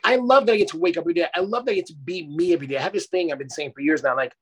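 A man's voice: sits high, animated, very fast, hardly any pauses, breathy edge. A middle-aged man, a life coach, talking effusively and emphatically in a casual interview, swearing casually.

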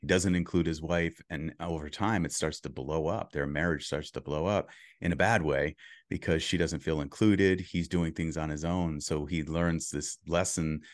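A man's voice: extremely low pitch, fairly even intonation, normal speed, no echo, clean studio sound. A man as a podcast guest, talking through advice in an earnest coaching tone with frequent restarts. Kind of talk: casual interview chat.

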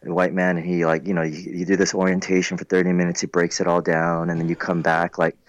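A man's voice: fast, no echo. A man calling into a podcast over a video call from home, chatting casually and telling stories animatedly. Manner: animated storyteller, jumps to high pitch in quoted lines. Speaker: guest calling in. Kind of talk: casual chat.

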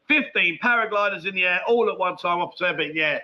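Male streamer, chatty and matey, high tense voice. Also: fairly quick, hardly any pauses, bright, forceful tone, highs cut off. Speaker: livestream host. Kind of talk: casual live chat reading viewer comments.

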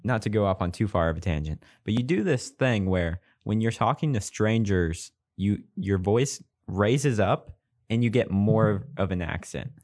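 A young man co-hosting a podcast, chatting casually with quick, teasing asides. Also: lowish voice, expressive, darkish tone, dry recording, studio quality. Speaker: podcast co-host. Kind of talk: casual chat.

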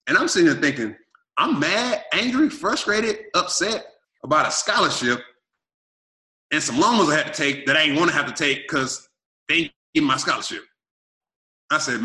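A man in his thirties from Arkansas, telling his life story in an energetic, emphatic way and acting out what he and others said. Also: fairly high pitch, moderate pace, roomy sound. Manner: energetic, repetitive and emphatic, quotes himself and others. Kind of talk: animated storytelling.

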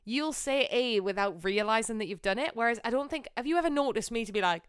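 Woman, Geordie accent, young adult, podcast co-host, playful, smooth voice, slightly high. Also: animated, fast talker, no echo, clean studio sound. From Newcastle, England. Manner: chatty, joking, playful. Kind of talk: casual chat.

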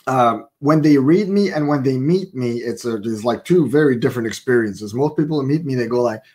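A man's voice: mid-range voice, expressive, a little fast, a little mellow. A man co-hosting a casual faith podcast, playful and fond of wordplay, telling stories with animation. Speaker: podcast co-host and author.

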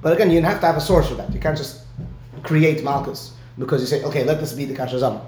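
A man's voice: on the high side, fast, a little mellow, roomy sound, a little hiss or hum. A man giving a one-on-one Talmud lesson, explaining step by step and often checking in with "right?". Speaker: Talmud teacher.

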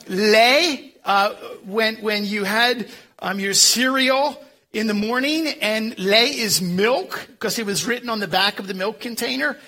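Bright-voiced, folksy pastor with a Philadelphia accent. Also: male voice, very high-pitched. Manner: folksy, self-deprecating humor with frequent um and uh. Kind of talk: sermon.

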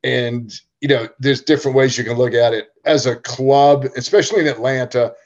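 A man's voice: medium pitch, steady tone, normal speed, a little mellow, lo-fi sound. A man who coaches tennis, co-hosting a podcast and explaining his views in a thoughtful way. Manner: thoughtful, explanatory, with frequent restarts. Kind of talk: casual chat.

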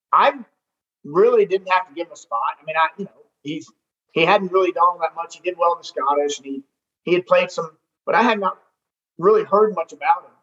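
Man, high voice, chatty interview guest, muffled lo-fi audio. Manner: animated, rambling, with many restarts. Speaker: golf tournament director. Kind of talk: casual storytelling interview. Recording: dull lo-fi sound.

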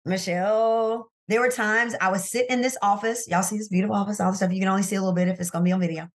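A woman sales coach, a guest in an interview, telling her story in an emphatic, animated way and talking straight to listeners, from her office. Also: mid-range voice, very fast. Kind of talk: candid faith-based interview storytelling.

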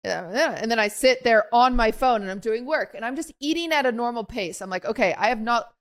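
A young woman co-hosts a podcast, speaking at a fairly high pitch and a little fast. She tells a story in casual conversation, acting out quotes and using plenty of fillers.

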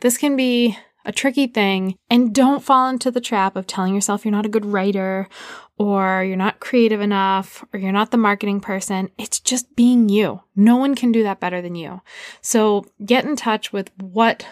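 A woman's voice: medium pitch, steady tone, normal speed, no room sound, clean studio sound. Chatty woman hosting a podcast. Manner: conversational, frequent "like", upbeat coaching tone. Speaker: podcast host. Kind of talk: casual solo podcast advice.

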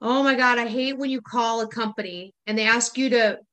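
A woman co-hosts a podcast with a slightly high, very bright voice. She runs through her grievances in a fed-up way, laughs often, and swears freely. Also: fairly quick. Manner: exasperated, laughing, profane list of pet peeves. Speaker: podcast co-host. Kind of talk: casual podcast chat.

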